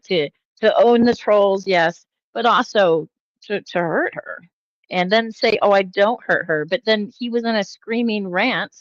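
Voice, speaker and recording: A woman with a fairly low voice rambles through casual reaction commentary, exasperated and critical, peppering it with um and uh. The sound is dry and close, with a dull, lo-fi tone. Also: no echo. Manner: rambling, frequent um and uh fillers. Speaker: commentary channel host.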